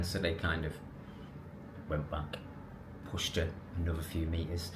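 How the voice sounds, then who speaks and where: Man, lowish voice, casual rambling storyteller vlogging to camera, faint noise behind. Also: a little slow, pauses often. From England. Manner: animated, rambling with restarts and self-corrections.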